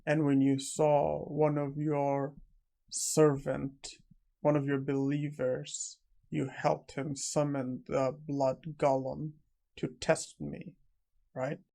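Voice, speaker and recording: A man voicing a cold, confident young necromancer in a calm, level delivery. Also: fairly high pitch, takes it slowly, creaky.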